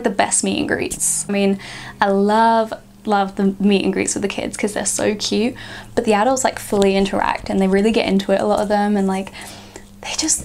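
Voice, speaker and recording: A woman's voice: mid-range voice, darkish tone, a little hiss or hum. A young woman, chatting casually to camera in a vlog and filling her sentences with "like". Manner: chatty, frequent "like" fillers. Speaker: vlogger.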